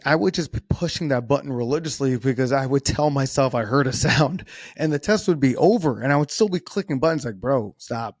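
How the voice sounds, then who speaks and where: A man's voice: medium pitch, vocal fry, darkish tone, dry recording, studio quality. A man hosting a solo podcast, talking casually in a rambling, self-deprecating way with frequent restarts. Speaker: podcast host.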